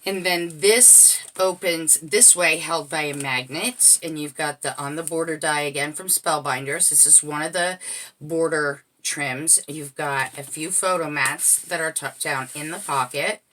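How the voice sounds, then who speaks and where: A woman with a bright, clear tone and a slightly low voice gives a casual show-and-tell of her craft album. She talks in a chatty way, naming each detail as she turns the pages. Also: a little slow, slight background noise. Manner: chatty, walking through each page item by item. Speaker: crafter showing a handmade album.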